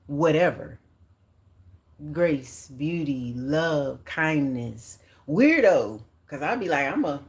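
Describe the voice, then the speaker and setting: A woman in her forties with a low-pitched voice hosts a casual livestream. She talks in a lively, animated way, with bursts of excitement and easy slang, and leads her viewers through affirmations. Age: 40s. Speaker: livestream host and author.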